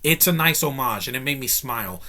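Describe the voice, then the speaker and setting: Man, channel host, casual movie review, opinionated, emphatic, ranting, bright forceful voice. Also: mid-range voice, lively intonation, fairly quick. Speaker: YouTube film reviewer.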